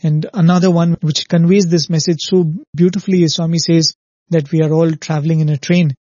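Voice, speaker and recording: A man's voice: on the high side, flat delivery, brisk, mellow, no room sound, lo-fi sound. A man giving an earnest spiritual discourse on a show, telling parables and often asking "right?". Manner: earnest, repetitive "right?" checks, storytelling.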